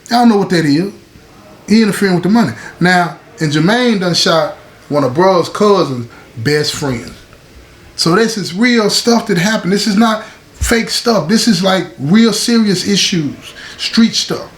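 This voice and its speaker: A man's voice: high-pitched, expressive, unhurried. A man hosting his own show, telling a story in a casual, conversational way, often checking in with "right?". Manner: conversational, frequent "right?" and "you know what I'm saying". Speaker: host. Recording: echoey room with faint ambient noise.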